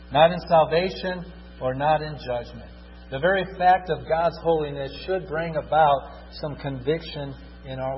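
A man's voice: a little high, muffled recording, a little hiss or hum. Fervent preacher man in a reverberant hall. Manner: swings from loud fervent repetition to hushed tender pleading. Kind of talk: sermon.

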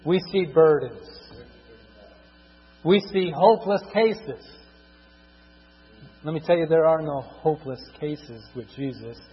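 A middle-aged man preaching a sermon, husky, swinging between loud emphatic bursts and quiet asides, drawing out scripture verses slowly. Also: fairly high pitch. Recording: dull lo-fi recording in a reverberant hall with mains hum.

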